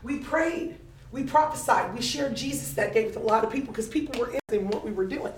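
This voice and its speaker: An older woman preaching a sermon, telling lively stories with laughter in a preaching cadence. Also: a little high, fast talker, a little hiss or hum. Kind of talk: sermon with storytelling. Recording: echoey room picked up from a distance.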